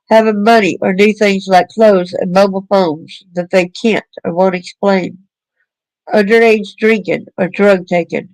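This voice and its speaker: A woman's voice: mid-range voice, darkish tone, no room sound, low-quality recording. A woman speaking earnestly to parents about protecting children, in a plain-spoken way with fillers and restarts. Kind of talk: personal talk to parents.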